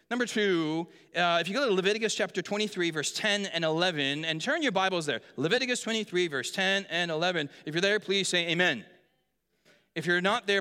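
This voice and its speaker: A man's voice: high-pitched, sharp tone. A man preaching a sermon in a church hall, joking with the congregation and quizzing them. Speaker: pastor. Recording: long reverb of a large hall.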